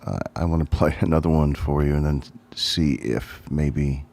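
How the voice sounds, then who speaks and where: A man's voice: rumbling low, moderate pace, creaky, mellow, slight background noise. A middle-aged man, a drummer, casually thinking aloud about his old band on a livestream, with lots of ums. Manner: rambling, reminiscent, thinks aloud with many ums. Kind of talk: casual solo livestream talk.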